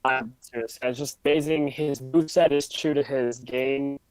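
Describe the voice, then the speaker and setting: A man on a podcast voice call, eager and keen, though he hedges his words with fillers. His mic sounds dry and close, and it stutters and lags at times. His voice sits at a mid pitch. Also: fairly even intonation, moderate pace, a little mellow, clear, resonant tone, no room sound, rough recording. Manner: enthusiastic, hesitant with fillers. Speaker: podcast co-host. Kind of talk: casual chat.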